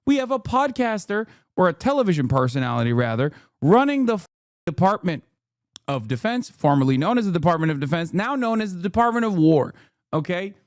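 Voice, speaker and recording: A man streaming, reacting to a video in a sarcastic, profane rant that comes in rapid bursts. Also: high-pitched, big pitch swings, no echo, clean studio sound. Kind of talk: casual livestream rant. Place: studio in the United States.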